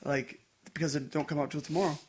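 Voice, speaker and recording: A man's voice: a little high, flat delivery, fast, a little hiss or hum. A young man co-hosting a casual podcast, dropping dry one-liners and mock outrage. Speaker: podcast co-host. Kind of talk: casual chat.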